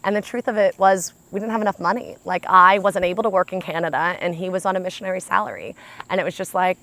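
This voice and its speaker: A woman's voice: fairly low pitch, fast talker, no room sound. Chatty American woman telling a story. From United States. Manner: animated, chatty, often says "like". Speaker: speaker. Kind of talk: personal storytelling talk.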